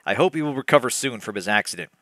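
A man voicing a wistful, anxious society woman with a deadpan reading of stiff lines. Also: mid-range voice, rapid-fire, no echo.

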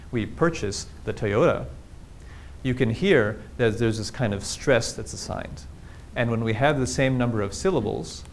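A man of middling pitch gives a public talk on language, walking listeners through his slides and asking them questions as he goes. His delivery is engaged and explanatory. A faint low rumble sits behind the recording. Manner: explanatory, engaged, asks the audience rhetorical questions. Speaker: linguistics lecturer.

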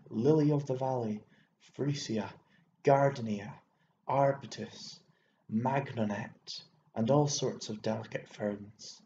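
A man voicing a fussy, excitable elderly bachelor landowner who rambles and exclaims, stammering when worked up, in an audiobook reading. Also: medium pitch, close to an everyday voice. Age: older. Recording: echoey room, dull lo-fi sound, faint hiss.

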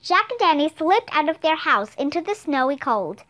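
A woman narrating a children's storybook aloud in an expressive, clear manner. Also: high voice, normal speed. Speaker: audiobook reader.

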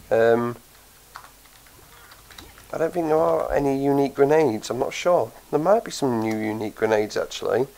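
A man's voice: mid-range voice, normal speed, gravelly, long pauses, a little mellow, low-quality recording. A man with a cold and a blocked nose, tired, chatting casually as he plays and thinks aloud with plenty of ums. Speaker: gaming channel host. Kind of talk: casual gameplay commentary.

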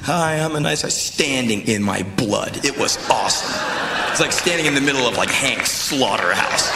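A man performing live spoken word, telling stories in an intense, animated, profane way. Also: fairly low pitch. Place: stage in a large venue. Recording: echoey live venue with crowd noise.

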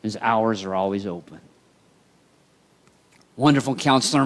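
A male pastor preaching a sermon in an animated storytelling way. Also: mid-range voice, unhurried. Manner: animated storytelling, acting out voices.

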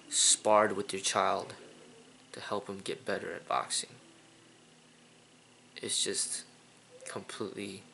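On his own kung fu channel, a man rants casually and indignantly, circling back to the same phrases and leaning on fillers. He speaks low with vocal fry and a sharp tone, with a bit of background noise.

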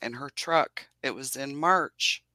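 Earnest, chatty woman beekeeper, bright voice. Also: a bass voice, slow pace, no room sound, low-quality recording. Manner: earnest, chatty, laughs often. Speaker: beekeeper guest. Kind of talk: casual video-call interview.

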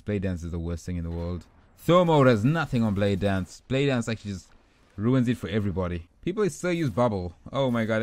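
A young man giving rambling, excitable commentary over his own gameplay, trash-talking opponents and himself. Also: on the low side, dry recording. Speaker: gaming YouTuber.

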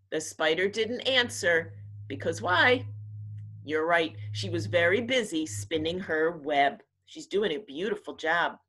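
Expressive kindergarten teacher reading aloud. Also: female voice, on the low side, a little slow, breathy edge. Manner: expressive read-aloud, acting out animal sounds. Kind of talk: reading a picture book aloud to young children.

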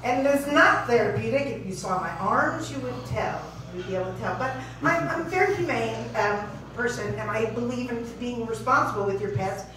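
A woman's voice: a little high, lively intonation, brisk, hardly any pauses, far from the mic. A woman doing a stand-up routine on a comedy club stage, telling a story in a dry, self-deprecating way, recorded from afar. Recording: echoey club heard from afar, noisy.

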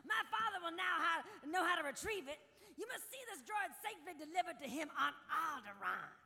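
A woman voicing a desperate young princess sending a plea in a live comedy reading, loud and over-the-top. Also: very high-pitched, lively intonation, a little fast, gravelly, heavily acted. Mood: overwrought plea. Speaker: voice actor in live parody reading. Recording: long reverb of a convention hall.

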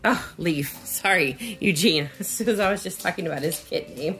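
Woman vlogger, casual chat, lively swooping pitch, coos in baby talk, faint music behind. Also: moderate pace. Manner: animated, coos at the doll in a high baby-talk voice. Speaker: reborn doll artist and vlogger. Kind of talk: casual chat while dressing a doll.

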